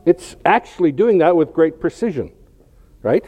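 A man's voice: on the high side, big pitch swings, moderate pace, mellow, slightly rough. A man preaching a sermon in a conversational, storytelling way, often checking in with "right?". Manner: conversational, illustrative storytelling with rhetorical questions. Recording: dull lo-fi recording.

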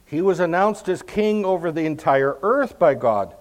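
A man giving verse-by-verse Bible teaching, explaining each passage in a measured way and stressing key words. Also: a little high, lively intonation.

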